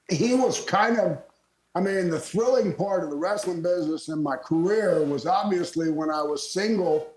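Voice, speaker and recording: An older man from Florida, a retired wrestler, telling lively stories as a guest and laughing often. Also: sits high, normal speed. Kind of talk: storytelling interview. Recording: roomy echo.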